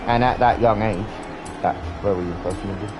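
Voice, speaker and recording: A man's voice: fairly low pitch, fairly quick, over music, rough recording. A British man in his thirties rambling earnestly in a casual live-stream chat, swearing often. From Britain.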